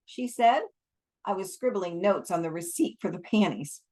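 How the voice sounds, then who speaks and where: A woman reading a novel aloud for an online audience, with relaxed, chatty asides. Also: fairly low pitch, moderate pace. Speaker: storybook reader.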